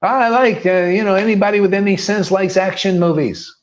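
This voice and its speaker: A combative male spiritual teacher preaches informally in a high-sitting voice with fairly even intonation, talking a little fast. Rhetorical questions and slangy uses of "man" pepper his speech, heard through a dull lo-fi recording.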